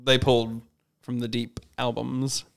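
A man's voice: medium pitch, flat delivery, measured pace, gravelly, smooth. A man co-hosting a podcast in casual chat, rambling and correcting himself, often laughing. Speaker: podcast co-host.

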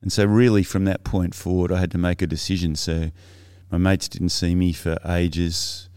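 A middle-aged Australian man appears as a podcast guest, his voice low, smooth, resonant, level and darkish. He shares his own story reflectively and haltingly, frequently restarting sentences, on a dry recording with no room echo.

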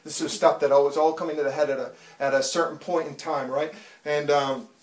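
A man in his thirties giving a fervent testimony in church, building from storytelling to loud, pleading prayer. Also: a little high, fairly even intonation, a little fast, reverberant, distant mic. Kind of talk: preached testimony.

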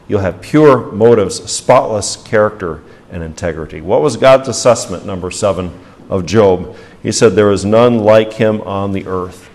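A male pastor preaching a sermon with emphasis, rising for stress, dropping low at the ends of phrases and asking the congregation rhetorical questions.

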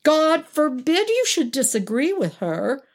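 A woman's voice: sits high, sing-song, unhurried, voice pushed up, heavily acted. A woman voicing an eager young actor. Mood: gossipy. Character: handsome young male actor, eager gossip.

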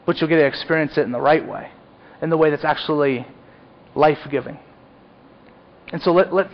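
A man's voice: fairly high pitch, fairly quick, pauses often. A man preaching a sermon in an earnest, confessional way, rising to emphatic peaks. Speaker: pastor. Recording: dull lo-fi sound.

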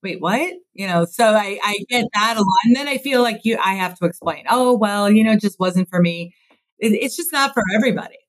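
A woman's voice: mid-range voice, brisk, rough recording. A woman in her fifties from Chicago chats as a podcast guest, with a mid-range voice. She tells stories with energy and acts out the people she quotes. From Chicago, USA. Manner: lively storyteller who acts out quoted voices. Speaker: podcast guest, construction executive. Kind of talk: casual interview chat.

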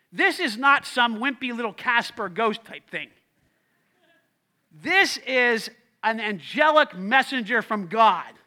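A man's voice: very high voice, pushed and bright. A male pastor delivering a sermon in an emphatic preaching manner, repeating key lines and calling on the congregation to respond.

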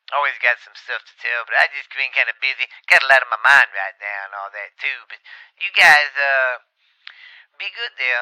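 A man's voice: medium pitch, sharp tone, dry recording, lo-fi sound. A man co-hosting a podcast, chatting casually with lots of stammered, repeated words. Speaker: podcast co-host.

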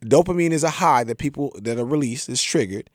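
A man's voice: mid-range voice, a little fast, no room sound, studio quality. A man hosting a talk radio show, emphatic and cutting in to keep the talk moving. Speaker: radio host.

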